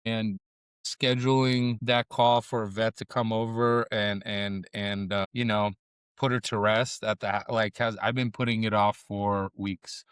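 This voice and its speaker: A man's voice: mid-range voice, a bit bright, clear, resonant tone, no echo. A middle-aged man vlogging casually about tacos, rambling and swearing as he eats and talks through his grief, close to tears. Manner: profane, rambling, shifting between eating noises and sad confession. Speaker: food vlogger and comedian. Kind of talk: casual food review vlog. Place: on camera at a taco restaurant.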